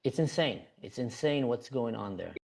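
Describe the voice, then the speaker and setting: A man's voice: medium pitch, expressive, moderate pace, vocal fry, a little mellow. A man from Israel, a podcast guest, earnestly recounting events with frequent "you know" fillers.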